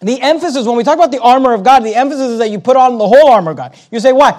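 A man's voice: extremely high pitch, lively intonation, racing, a little mellow. A man preaching a sermon, emphatic, asking rhetorical questions and reading scripture aloud in King James wording.

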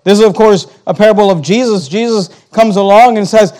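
A man preaching a sermon, emphatic, slowing down on key words, repeating phrases and turning to the congregation with asides. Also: high-pitched, darkish tone.

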